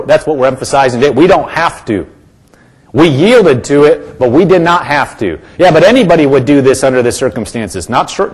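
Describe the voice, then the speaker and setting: A man's voice: fairly high pitch, slightly rough. A man preaching a sermon, emphatic and repetitive, calling on the congregation to respond. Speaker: pastor.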